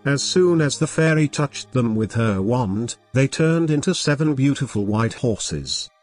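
A man narrating a fairy tale as a scripted bedtime story, reading calmly and gently at a steady pace. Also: mid-range voice, a little slow, faint music behind.

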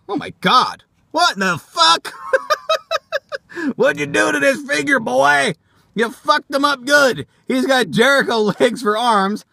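Man, toy show host, casual vlog, profane, joking, lively high voice. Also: creaky, dry recording. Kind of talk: casual fan-mail vlog.

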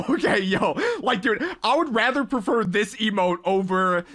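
A young man giving casual, excitable reaction commentary, ranking game emotes with lots of slang. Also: high voice, measured pace, faint music behind. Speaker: gaming content creator.

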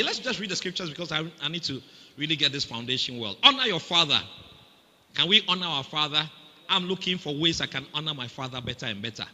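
Ghanaian preacher guy, super bright cutting voice, big church hall echo, keeps asking the crowd to say amen. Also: fairly high pitch, fairly quick. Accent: Ghanaian English. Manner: animated, banters with the congregation. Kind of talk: sermon with call-and-response.

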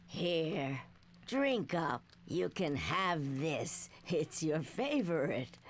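An actress voicing a weary woman who runs a shabby bar, speaking in a slow, cooing drawl. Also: lowish voice, a little hiss or hum, heavily acted.

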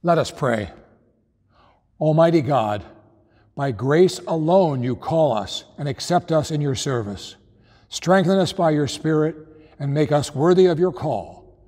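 A man's voice: fairly high pitch, animated, unhurried, a little mellow. A man solemnly reciting liturgical blessings and a prayer in church. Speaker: pastor. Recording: reverberant church hall.

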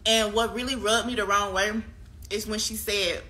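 A woman's voice: mid-range voice, steady tone, normal speed, sharp tone, slight background noise. A young woman being interviewed, venting heatedly about a breakup, swearing freely and hammering the same points over and over. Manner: heated, profane, repeats her points.

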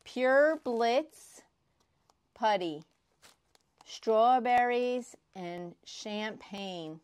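A woman crafting vlogger unboxing prizes she won, gushing and excitable, often repeating herself. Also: fairly high pitch, drawn-out words, clear, resonant tone, no echo. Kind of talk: casual unboxing vlog.

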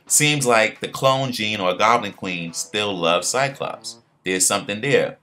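A man casually recapping a cartoon episode, retelling scenes with slang and fillers and acting out quoted lines in a higher voice. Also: a little slow, few pauses, sharp tone, soft background music. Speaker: pop culture commentator.

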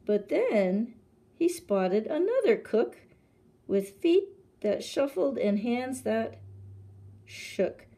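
Librarian lady reading a picture book to kids, slow and sing-songy. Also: fairly high pitch. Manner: gentle, animated storytelling. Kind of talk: picture book read-aloud for children.

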